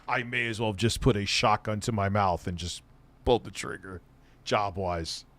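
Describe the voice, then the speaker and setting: A man's voice: lowish voice, normal speed, fairly bright tone. A man hosting his own channel, telling a casual, profane, sardonic story about an old job. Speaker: streamer and channel host.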